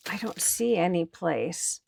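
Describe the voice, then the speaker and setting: She speaks slowly in a fairly low, darkish voice with vocal fry and a slightly rough edge, yet stays animated. The channel host and antiques picker is at an estate sale, casually showing off finds to the camera, and there's no room sound.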